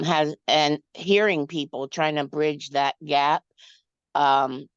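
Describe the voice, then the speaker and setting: A woman taking part in an online workshop, asking a question slowly and carefully while she searches for her words. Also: deep voice, clean tone, dry recording, highs cut off. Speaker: workshop participant.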